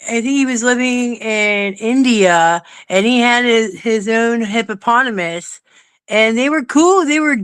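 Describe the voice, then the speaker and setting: A woman's voice: fairly high pitch, a bit bright, clean tone, no room sound. A woman guest in a casual chat, telling anecdotes and often repeating her words. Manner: chatty, repeats herself while telling anecdotes.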